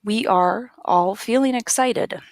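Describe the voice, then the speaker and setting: A woman teaching basic English grammar, explaining patiently and repeating each word slowly for learners. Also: medium pitch, no echo, clean studio sound. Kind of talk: slow, careful classroom explanation.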